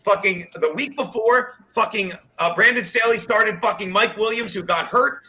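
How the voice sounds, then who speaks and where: Profane guy calling into a podcast from home, high bright voice, rambling rants. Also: normal speed, low-quality recording. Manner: profane, rambling, shouts when worked up. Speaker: guest. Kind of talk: casual podcast banter. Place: at home, says he is in the shower.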